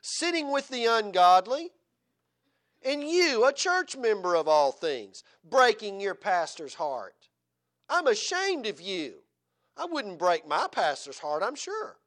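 A man voicing a stern young boy loudly scolding a churchgoer in a sermon story. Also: high voice, very animated, fast, hardly any pauses, pitched above the performer's own voice. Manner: loud, scolding, preacherly.

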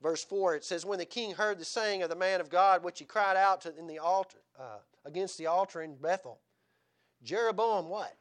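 A man with a high-pitched voice preaches a sermon in a church. He reads scripture aloud and keeps turning to his listeners with rhetorical questions, building up a sense of urgency. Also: normal speed. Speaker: pastor.

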